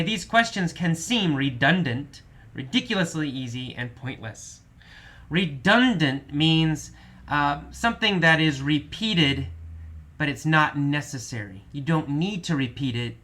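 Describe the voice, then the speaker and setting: A man teaching English vocabulary, patiently explaining each word with slow, repeated restatements. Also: medium pitch, pushed and bright. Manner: patient, repeats definitions slowly with many restatements. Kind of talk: vocabulary lesson explaining words.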